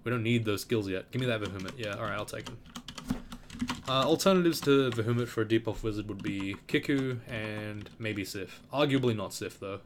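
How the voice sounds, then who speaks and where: Laid-back man with a low voice. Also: a little fast, noisy background. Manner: laid-back, rambling, thinking aloud with fillers. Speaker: gameplay commentator. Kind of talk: casual gameplay commentary. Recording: keyboard typing and clicks in background.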